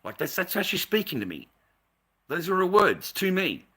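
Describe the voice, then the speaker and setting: A man's voice: sits high, very animated, normal speed, pushed and bright, slightly rough. An Australian man telling a heated, profane story about being mistreated as a volunteer, repeating himself as he complains. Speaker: volunteer recounting a workplace dispute. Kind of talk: angry casual rant to camera.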